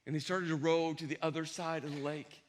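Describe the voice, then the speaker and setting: A male pastor preaching a sermon, telling a story with lively acted-out dialogue and sometimes dropping to a hushed intensity. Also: a little high, brisk. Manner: animated storyteller acting out dialogue. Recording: long reverb of a large hall.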